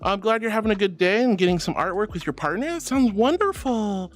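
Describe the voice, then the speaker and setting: Bubbly high-voiced man doting on his chat. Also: expressive, a little fast. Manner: affectionate, calls viewers sweetie and honey. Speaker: VTuber streamer. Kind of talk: casual live-stream chat, reading chat aloud. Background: faint background music.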